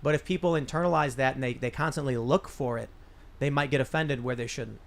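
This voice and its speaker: A male talk show host speaks at a middle pitch in a podcast studio. He tells long anecdotes in a loose, conversational way. He often repeats words as he restarts his thoughts. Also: brisk, creaky. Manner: rambling anecdotes with frequent restarts. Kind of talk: casual panel discussion.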